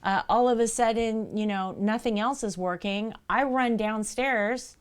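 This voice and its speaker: A woman's voice: on the high side, unhurried, smooth. A woman live streamer in casual chat, telling a story with animation and speaking straight to her viewers.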